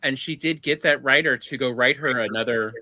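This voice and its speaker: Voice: medium pitch, brisk, pushed and bright, no room sound. A co-host in a casual panel chat who reads out viewer comments and teases the others.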